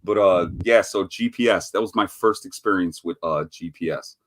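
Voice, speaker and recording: A man's voice: low-pitched, normal speed. A man from the Chicago area hosting a livestream, telling a rambling, profane story that he often breaks up with laughter. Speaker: livestream host. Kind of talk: casual livestream chat.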